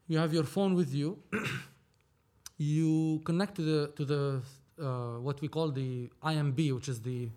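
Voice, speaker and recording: A man's voice: on the high side, steady tone, measured pace, darkish tone. A man from Lebanon, a film producer, telling a story in a casual interview, acting out dialogue and swearing freely.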